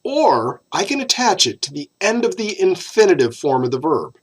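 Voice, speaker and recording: A man teaching a recorded Spanish grammar lesson, explaining patiently and drawing out key words slowly. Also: high voice, sing-song, husky.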